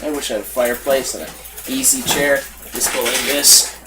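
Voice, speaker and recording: A man co-hosting a podcast, telling tech-support jokes in an animated way and shouting the customers' lines. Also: medium pitch, fairly quick, heavy background noise. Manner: animated joke-telling with loud put-on customer voices. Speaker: podcast co-host. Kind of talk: casual podcast chat, reading tech jokes aloud.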